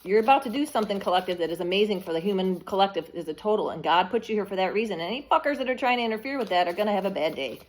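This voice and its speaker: A woman's voice: medium pitch, animated, very fast, hardly any pauses. Woman tarot reader, blunt, emphatic, casual swearing. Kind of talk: collective tarot reading.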